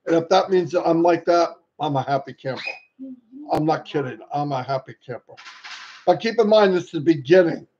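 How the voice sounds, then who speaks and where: A man hosting a casual livestream, excitable and greeting viewers by name. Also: fairly high pitch, fairly quick. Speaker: livestream host. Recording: dull lo-fi sound, faint noise.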